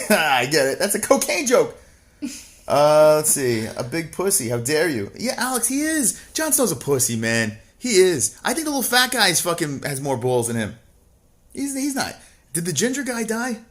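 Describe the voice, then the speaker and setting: A man's voice: fairly high pitch, sing-song, normal speed, a bit bright. A man co-hosting a casual livestream, reading chat messages and rambling about a TV show with constant swearing and mocking jokes.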